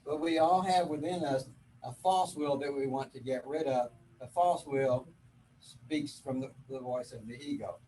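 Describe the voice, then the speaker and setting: A man's voice: medium pitch, unhurried, dark tone, slight background noise, low-quality recording. An older man, a spiritual teacher, telling a rambling story in casual group chat, laughing often.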